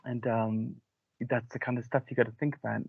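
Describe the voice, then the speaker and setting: A man's voice: mid-range voice, flat delivery, brisk, vocal fry, breathy edge, no echo, narrow, tinny audio. A man with a Cardiff Welsh accent, telling rambling anecdotes in a casual chat, with lots of fillers. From Cardiff, Wales. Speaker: podcast host.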